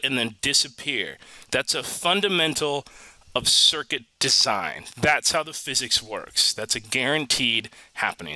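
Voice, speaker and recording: A man's voice: medium pitch, bright, forceful tone, no room sound, rough recording. A man teaching an automotive electrical lesson in a casual, joking way, full of asides. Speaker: automotive instructor. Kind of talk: recorded online lesson.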